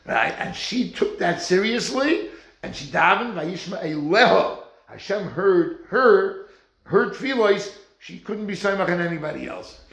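A man teaches a Torah class, his somewhat high voice gravelly and lively. He swings his pitch widely as he acts out the people in his stories. The room around him echoes. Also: measured pace.

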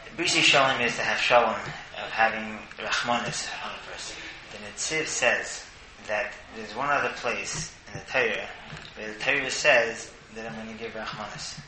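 Man, Torah teacher, casual talk, animated, stumbling repetitions, echoey room, clear background noise. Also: on the low side, normal speed.

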